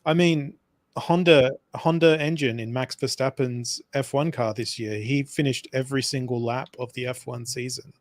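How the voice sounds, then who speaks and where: A man's voice: medium pitch, steady tone, moderate pace, no room sound. An Australian man with an Australian accent, joking irreverently in casual chat. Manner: joking, irreverent, laughs a lot.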